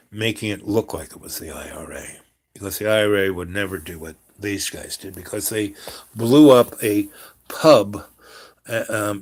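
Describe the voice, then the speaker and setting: A man telling a long spiritual story in a rambling way, full of fillers and restarts. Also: fairly low pitch.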